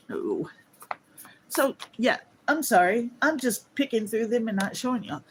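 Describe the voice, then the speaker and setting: A woman's voice: on the high side, sing-song, a little slow, long pauses, slight background noise. A woman hosting a casual livestream, chatty and yawning, talking to viewers into a phone on a holder indoors. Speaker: livestream host.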